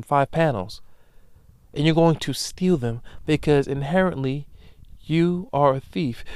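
Smooth-voiced man ranting on a podcast. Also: on the high side, no echo, studio quality. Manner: emphatic, profane, with loud animated bursts. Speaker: podcast host. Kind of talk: solo comedic podcast rant.

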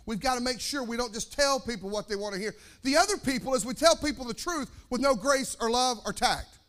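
A man preaching a sermon as pastor, energetic, repeating phrases and calling for amens. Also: very high-pitched, fairly quick.

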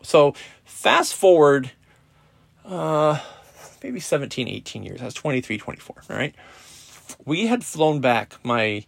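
A middle-aged man hosting a podcast, telling a personal story in a casual, profane, animated way with lots of quoted dialogue. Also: a little high, unhurried, creaky, long pauses, no echo. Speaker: podcast host. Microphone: podcast app recording.

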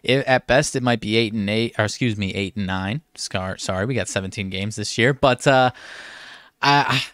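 A male co-host with a smooth, clear voice weighs betting spreads in a cautious, measured way. He agrees readily and hedges his picks. The recording is dry and close. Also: on the low side, a bit bright, dry recording. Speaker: podcast co-host. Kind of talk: sports betting podcast chat.

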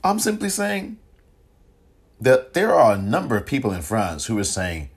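A man's voice: mid-range voice, wildly swooping pitch, normal speed, slightly rough. A man hosting a solo podcast, talking casually and rambling, often chuckling and correcting himself. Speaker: podcast host.

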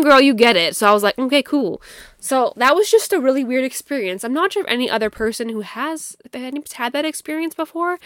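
A woman's voice: a little high, a bit bright, clean tone, no room sound, clean studio sound. A young woman hosting a casual, candid chat, tired and cursing freely as she sips wine. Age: young adult. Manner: candid and profane, laughing, drinking wine. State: tired, yawning. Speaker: podcast host.

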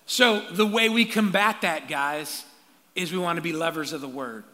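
A male pastor preaching a sermon with energy, calling out to the congregation for answers and building to shouts. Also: high-pitched, moderate pace. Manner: energetic call-and-response preaching, rising to shouts. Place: church sanctuary. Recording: long reverb of a large church hall.

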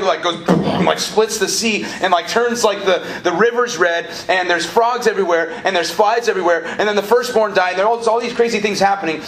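The voice sits high and a bit bright as a college ministry director preaches live to students. He keeps things casual, throws in jokes, and gets the crowd answering back, all in a roomy lecture hall or auditorium with faint ambient noise.

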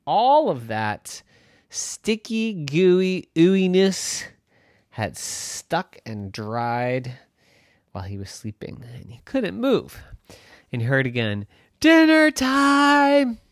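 A man's voice: medium pitch, no echo, clean studio sound. A man improvising a playful bedtime story for a child. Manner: slow, playful, animated, clears throat.

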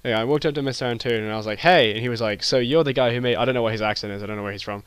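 A young British man telling a rambling, deadpan comedy story with many restarts, as a podcast co-host. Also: medium pitch, racing. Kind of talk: improvised comedy chat.

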